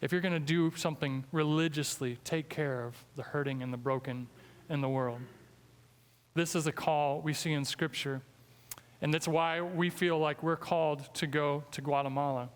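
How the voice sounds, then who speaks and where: A man with a Midwestern American accent preaching a sermon as a guest speaker, earnest and emphatic, slowing down when he reads scripture. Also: on the high side, fairly even intonation, smooth. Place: church sanctuary. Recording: long church reverb.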